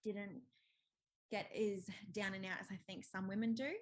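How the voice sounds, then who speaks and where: A woman's voice: mid-range voice, moderate pace. A woman, talking openly and casually as a podcast guest, with lots of fillers and light laughter. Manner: open, chatty, frequent fillers and laughs. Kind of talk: candid conversational interview.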